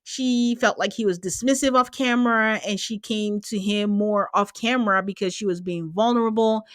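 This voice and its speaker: A woman hosting a podcast, chatting casually about a reality show. She talks in an animated way with quick asides and laughter. Her voice sits at a medium pitch and the sound is dry and close. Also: no room sound. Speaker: podcast host. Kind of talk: casual chat.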